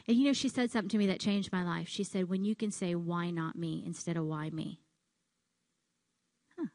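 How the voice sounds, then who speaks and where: A woman gives a motivational speech at a conference, telling her story with lively acted-out quotes. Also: on the low side, fast, no echo. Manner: animated storytelling, acts out quotes. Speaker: keynote speaker. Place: conference hall stage.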